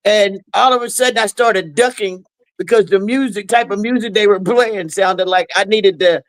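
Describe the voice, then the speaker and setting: A man with a high voice hosts in casual talk-show banter. He tells his story haltingly, restarting often, and the sound is close and dry. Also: dry recording, rough recording.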